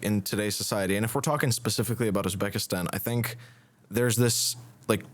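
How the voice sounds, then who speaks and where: A man with a somewhat low voice shares his views on a casual panel. He speaks thoughtfully, hedging with phrases like "I think". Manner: thoughtful, measured, hedging opinions. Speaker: English teacher, panelist.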